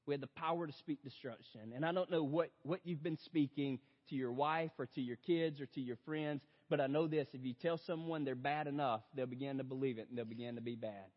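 A man's voice: medium pitch, steady tone, a little fast, few pauses. Man preaching in an echoing hall. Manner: storytelling, addresses audience as "you guys"; swings from loud outbursts to hushed reflection. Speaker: pastor. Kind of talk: sermon. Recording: dull lo-fi sound in a big reverberant hall.

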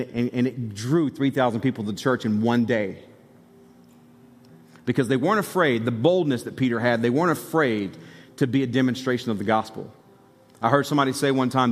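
A male pastor preaching a sermon, telling a story and building to excited exhortation. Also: mid-range voice, big-room sound.

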